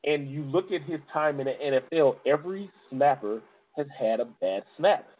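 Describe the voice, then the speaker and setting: A male co-host chats about football in a loose, informal way and laughs easily. His voice sits a bit higher than most men's. The audio is thin and tinny, like a phone call. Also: normal speed. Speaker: podcast co-host. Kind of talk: casual sports talk.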